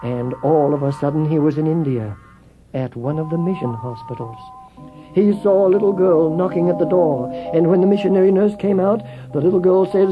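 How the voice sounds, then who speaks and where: A high-voiced man tells a children's story, expressive and swelling with feeling. The sound is tinny and narrow like a phone line, with faint music underneath. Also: brisk.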